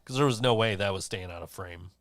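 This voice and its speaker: A man's voice: deep voice, fast, no room sound, studio quality. A man hosting a podcast in casual chat, rambling and swearing, laughing often. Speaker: podcast host.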